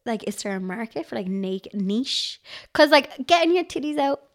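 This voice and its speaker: A woman's voice: on the high side, lively intonation, normal speed. A woman with a Dublin accent, a guest on a podcast, telling chatty, self-mocking stories with plenty of giggles. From Ireland. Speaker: guest, craft blogger. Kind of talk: casual podcast chat.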